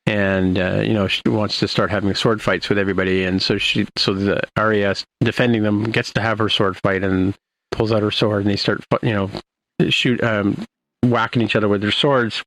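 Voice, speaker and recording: A man hosting a podcast, recapping an episode in a rambling, halting way with many restarts. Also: fairly low pitch, level tone, a bit bright, rough recording. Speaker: podcast host.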